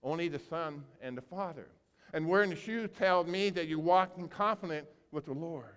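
A man preaching a sermon as pastor, telling a story with animated acting-out of characters and big swings between loud and soft. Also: a little high, normal speed, smooth. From grew up on a small farm. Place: church sanctuary. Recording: long hall reverb.

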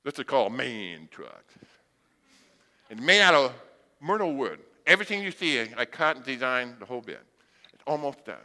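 A man's voice: medium pitch, moderate pace, pauses often, big-room sound. A blind man preaching a sermon, telling humorous stories and acting out voices. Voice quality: blind speaker. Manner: humorous, animated storytelling with acted-out voices. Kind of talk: sermon with storytelling.

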